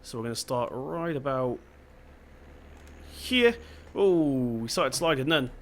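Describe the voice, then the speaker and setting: A man's voice: mid-range voice, moderate pace, slight background noise. Chatty young man with a Devon accent. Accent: Devon English. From England (Devon). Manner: chatty, thinking aloud while playing. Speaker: gaming channel host. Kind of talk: casual gameplay commentary.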